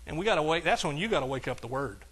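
A man preaching a sermon as pastor, with emphatic lines that swing from soft to hollering. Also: a little high, expressive, rapid-fire, breathy edge.

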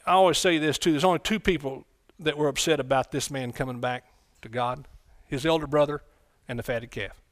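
A man preaching a folksy sermon in church, breaking into loud excited bursts. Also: a little high, fairly quick, few pauses. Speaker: pastor.

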